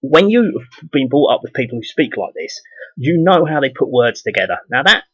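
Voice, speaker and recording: Man, southeast English accent, husky voice, dry close sound, profane rambling rant. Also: mid-range voice, sing-song, moderate pace, no echo, dull audio. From southeast England. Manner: rambling, profane, many repeated restarts. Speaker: video blogger. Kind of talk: ranting monologue.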